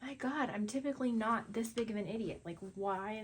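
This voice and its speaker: A woman's voice: a little high, fairly quick, a little hiss or hum. A young woman chatting casually to viewers while making art, self-deprecating and muttering to herself as she works. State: out of breath. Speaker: art journaling vlogger. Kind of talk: casual crafting chat to viewers.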